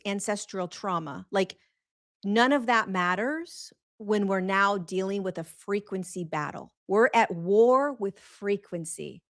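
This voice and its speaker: A woman hosting a spiritual livestream, at a middling pitch for a woman. She talks earnestly and with emphasis, repeating her phrases and drawing out the words she wants to land. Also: a bit bright. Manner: slows right down on key words. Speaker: host of a spiritual talk show. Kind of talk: live-streamed spiritual monologue.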